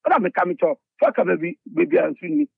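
Man, radio caller, husky voice, listing appointments, dry sound. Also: high voice, big pitch swings, fast talker, dry recording. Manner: reciting party appointments. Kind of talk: political phone-in call. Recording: tinny phone line.

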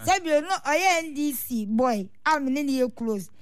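This Ghanaian-accented woman, head of a football supporters' union, answers interview questions earnestly and with complaints, switching between Twi and English. Her voice sits high with lively intonation at normal speed, and the recording is dry.

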